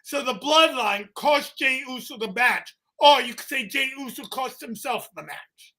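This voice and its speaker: A man in his twenties co-hosting a comedy chat show, teasing the others and bursting into loud exclaiming. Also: extremely high pitch, animated, unhurried. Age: 20s. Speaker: co-host.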